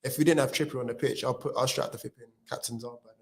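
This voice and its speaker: A man's voice: medium pitch, fairly even intonation, fast talker, a little hiss or hum. Enthusiastic joking male football fan. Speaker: fan pundit. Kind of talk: casual post-match chat.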